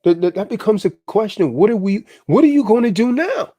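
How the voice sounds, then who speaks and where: Man, livestream preacher; high, very lively delivery, dead-dry sound. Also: fairly quick, dry recording. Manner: preachy, exhorting, repeats "man". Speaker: livestream host.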